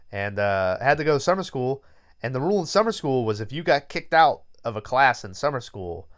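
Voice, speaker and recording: Young guy, podcast co-host: clear, smooth voice, rambling, profane, filler-heavy recaps. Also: medium pitch, fairly bright tone. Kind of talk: casual movie review chat.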